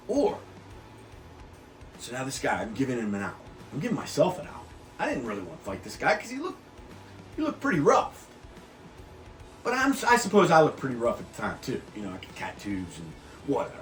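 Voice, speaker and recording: A man telling a personal story in a laid-back way, often dropping to a quiet, calm voice. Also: medium pitch, a little fast. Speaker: host. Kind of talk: storytelling monologue. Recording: roomy echo with faint guitar music.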